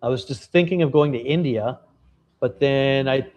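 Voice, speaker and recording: A man's voice: mid-range voice, normal speed, a little mellow. A man, a travel vlogger and novelist, talking candidly and casually to his viewers, telling stories and swearing now and then. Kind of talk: casual vlog update and storytelling.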